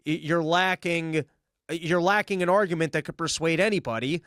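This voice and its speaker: A man argues politics on a podcast, building his case one point at a time. His voice sits a touch high and comes through smooth and resonant. The sound is close and dry, with no room around it. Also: moderate pace, fairly bright tone, no echo. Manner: argumentative, lays out points step by step. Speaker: podcast host. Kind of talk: political debate conversation.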